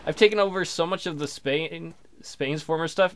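A man's voice: on the high side, normal speed. Crude joking man narrating gameplay. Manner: crude, joking, trash-talks enemy ships. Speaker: let's play commentator. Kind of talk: casual gameplay commentary.

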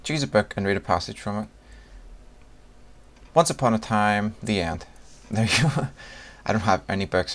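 Here a young Northern Irish vlogger talks with a lowish, expressive, fairly bright voice at a moderate pace, pausing often. In his Northern Irish accent he chats casually for a video, laughing between lines and reading words from a list one by one.

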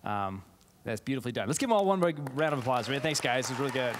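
A man, a theatre teacher, giving an animated keynote talk to a live audience, often laughing and restarting his sentences. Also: medium pitch, fast talker, noisy background. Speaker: keynote speaker, theatre faculty member. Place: large auditorium, live audience. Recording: auditorium with long reverb.

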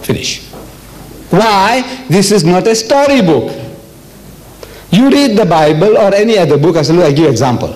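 A man's voice: sits high, lively intonation, unhurried, long pauses, darkish tone, rough recording. Older preacher man, emphatic lecture delivery. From South Africa. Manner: emphatic, repetitive preaching with rhetorical questions. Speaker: religious lecturer. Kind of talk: public lecture. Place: lecture hall.

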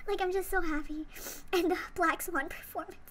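A woman's voice: extremely high pitch, fairly even intonation, normal speed, fairly bright tone, slight background noise. A young woman gushing breathlessly in a reaction vlog, swearing and repeating herself as she talks to her viewers. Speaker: fan reacting to a performance.

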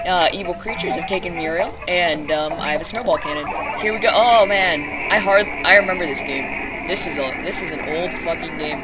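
A young woman narrates a game she is playing in casual let's play commentary, cursing frequently and shrieking in panic at enemies. Her voice is on the low side and animated, at a normal speed, with background noise present.

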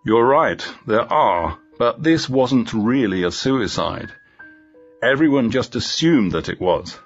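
A man reading the lines of a guarded, bitter female police inspector in a storybook, in a calm, low-key way. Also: slow, highs cut off, soft background music.

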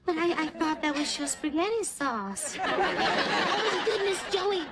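High-pitched woman, swooping lively delivery, flustered and loud, sitcom audio with loud noise behind. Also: a loud crowd. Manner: flustered, loud and quick-tempered. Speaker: sitcom housekeeper character. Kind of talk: sitcom acting before a live audience.

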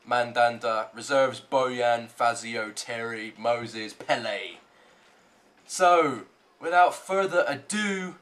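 A young man giving gameplay commentary, muttering low when calm and swearing loudly in bursts of rage at the lag. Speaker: gaming YouTuber.

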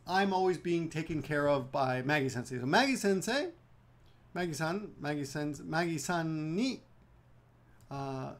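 A man teaching a relaxed video lesson from home. He talks in a chatty way, drills each phrase slowly and often restarts mid-sentence. His voice sits a bit on the high side. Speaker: language teacher.

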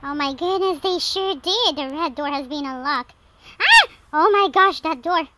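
A woman giving excited let's-play commentary on a game, with frequent gasps and shrieks. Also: extremely high pitch, moderate pace, heavy background noise. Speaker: gameplay commentator.

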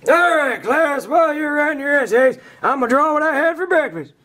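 A man's voice: extremely high pitch, animated, brisk, bright, forceful tone, exaggerated voice. A man voicing a cranky old male schoolteacher who barks crude orders at his class. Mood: rambling. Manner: crabby, crude, barking orders. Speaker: puppet comedy actor.

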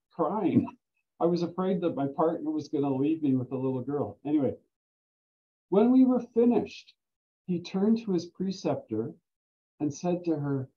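An older man telling stories in casual talk as a guest speaker, animated and quick to laugh. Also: a little high. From Canada. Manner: animated storyteller who laughs often. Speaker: guest speaker, volunteer standardized patient. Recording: dull lo-fi recording.

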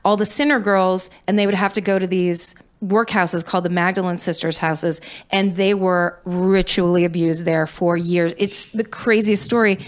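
A woman's voice: fairly low pitch, normal speed, few pauses. A woman in her thirties hosting a podcast, chatting casually and telling stories animatedly with a lot of swearing. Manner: animated storytelling with frequent likes and swearing. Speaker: podcast host. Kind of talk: casual chat.

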